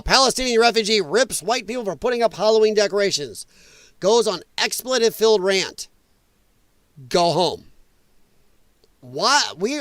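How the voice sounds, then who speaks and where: A man's voice: sits high, a bit bright, no echo. A man hosting a podcast, ranting about the news in a blunt, angry, profane way. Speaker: podcast host.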